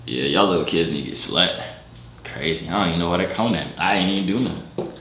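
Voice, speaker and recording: A man's voice: low-pitched, quick pace, gravelly, bright, forceful tone, reverberant, a little hiss or hum. A young man vlogging at night, joking and boasting in slang while chatting with strangers on a webcam. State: tired. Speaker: vlogger chatting with strangers on a video chat site. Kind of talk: casual vlog chat. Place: room at night.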